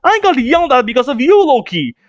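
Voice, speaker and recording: A live manga reader voicing a loud, carefree young male pirate captain who yells boisterously. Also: mid-range voice, very animated, measured pace, no room sound, lo-fi sound, pitched above the performer's own voice. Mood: indignant. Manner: boisterous, yelling.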